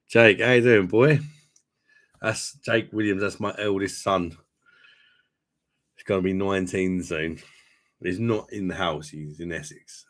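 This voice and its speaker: Deep-voiced, chatty man. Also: a bit bright. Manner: chatty, swears, laughs a lot. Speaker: host. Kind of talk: casual livestream chat.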